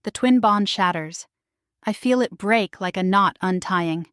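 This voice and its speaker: Lady reading a romance story, hushed and emotional, dry close-up sound. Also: medium pitch, a little slow, clear, resonant tone, no echo. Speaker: narrator. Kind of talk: first-person romance storytelling.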